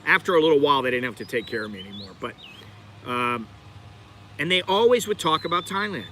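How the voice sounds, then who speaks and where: A middle-aged American man with a very bright, cutting voice, pitched a little high for a man. He chats and digresses freely as a livestream host, talking straight to his viewers, with faint traffic noise behind him outdoors in the city. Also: lively intonation, a little fast. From United States. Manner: chatty, digressive, talks to viewers directly. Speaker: channel host. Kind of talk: rambling livestream chat.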